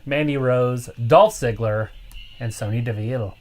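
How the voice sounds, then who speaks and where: A man's voice: medium pitch, measured pace, a little mellow. A man co-hosting a live stream in casual chat, joking and teasing his co-host.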